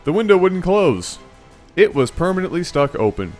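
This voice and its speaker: A man hosting his channel, telling a funny personal story in an animated, playful way, often correcting himself mid-sentence. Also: high voice, moderate pace, soft background music. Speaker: channel host. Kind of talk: storytelling vlog.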